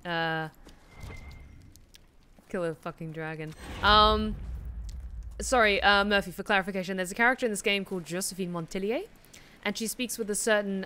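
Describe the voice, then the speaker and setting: Casting note: woman streamer, bright, forceful voice, chatty and foul-mouthed, loose live-stream delivery. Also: medium pitch, clean tone. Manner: chatty, swears freely, talks to chat. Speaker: streamer and hobby voice actor. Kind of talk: casual live-stream chat while gaming.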